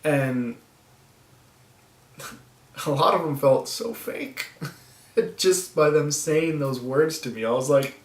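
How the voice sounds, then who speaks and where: A man vlogging to the camera, talking in a soft, halting way with nervous laughs and long pauses. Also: on the high side, animated, roomy sound, recorded from a distance, rough recording. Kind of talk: personal vlog talking to camera.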